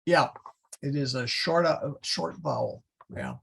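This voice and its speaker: A man teaching a Latin class, explaining slowly and patiently with many fillers. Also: mid-range voice, creaky, a bit bright, breathy edge. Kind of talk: online class lecture.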